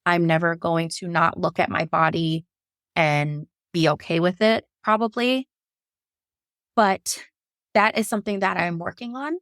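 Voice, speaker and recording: A woman shares a hard personal story with raw candor, rambling and restarting as feelings surface. Her voice carries a gravelly fry. The sound is close and dry, with no room around it. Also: on the low side, measured pace, dry recording. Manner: emotional, frank, rambling with restarts; slips into animated voices when quoting herself. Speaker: podcast guest, labor and delivery nurse.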